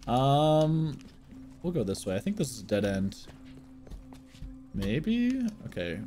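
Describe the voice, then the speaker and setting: A man's voice: medium pitch, takes it slowly, faint music behind. A young man casually commentating his gameplay for chat, joking and swearing often. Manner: excitable, jokey, swears a lot, talks to chat. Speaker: streamer.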